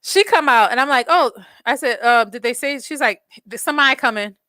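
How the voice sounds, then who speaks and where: A woman hosting a podcast, telling a story in an animated, blunt way, swearing freely and acting out quotes. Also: high-pitched, fairly quick, dry recording. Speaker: podcast host. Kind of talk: casual storytelling chat.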